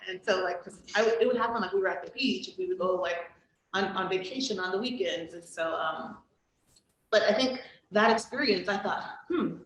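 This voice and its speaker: A woman's voice: medium pitch, fairly bright tone. A woman academic guest speaker telling stories in a chatty way, with frequent ums and likes, and laughing easily. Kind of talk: conversational storytelling. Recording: roomy, distant mic with faint noise.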